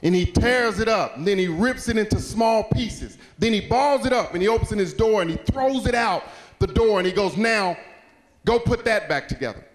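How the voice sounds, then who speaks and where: A man giving an animated storytelling speech with long, preacher-like pauses. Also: sits high. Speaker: speaker. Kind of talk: storytelling speech to a school audience. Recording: echoey hall.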